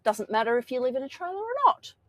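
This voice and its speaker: A woman with an Australian accent co-hosting a casual podcast chat, talkative and quick to laugh at herself. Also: high-pitched, very animated, a little hiss or hum. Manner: chatty and self-deprecating, laughs easily. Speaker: co-host.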